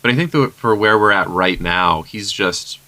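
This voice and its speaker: Deep voiced guy on a sports pod, punchy and bright, cracking jokes. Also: normal speed. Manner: jokey, emphatic asides. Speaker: podcast co-host. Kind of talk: casual chat.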